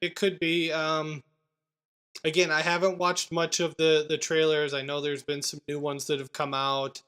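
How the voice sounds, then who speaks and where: A man with a fairly high voice hosting a casual movie podcast. He talks in a loose, chatty way, full of asides and self-corrections. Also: level tone, fairly bright tone, clear, resonant tone. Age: adult parent. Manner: chatty, quick asides and restarts. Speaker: podcast host.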